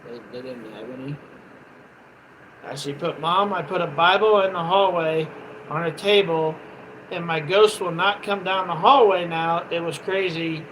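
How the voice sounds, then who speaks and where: A man's voice: a little high, normal speed, fairly bright tone, a little hiss or hum, rough recording. A man hosting a casual late-night livestream, easygoing and matter-of-fact. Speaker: livestream host.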